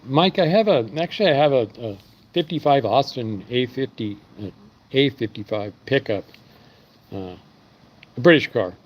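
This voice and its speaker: A man's voice: medium pitch, highs cut off. Rambling man chatting from his shop. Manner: rambling storytelling with fillers. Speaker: machine shop owner streaming live. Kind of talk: casual live-stream chat. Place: his engine machine shop.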